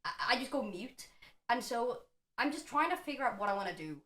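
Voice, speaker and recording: A woman's voice: on the high side, lively intonation, brisk, a bit bright, reverberant. A woman guest on a casual podcast, chatting with a lot of energy, swearing and laughing often.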